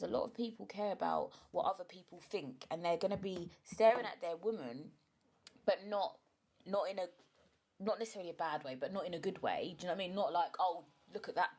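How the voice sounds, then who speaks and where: Young female podcast host, low-ish voice, frank and chatty, emotional. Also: darkish tone. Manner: frank and chatty, often asks "do you know what I mean". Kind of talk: candid solo podcast monologue.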